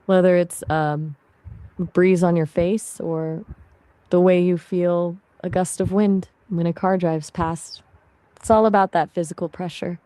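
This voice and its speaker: A woman's voice: lowish voice, fairly even intonation, a little slow, mellow, no echo. A woman's voice as an AI voice assistant, chatting casually and friendly, answering questions and asking questions back.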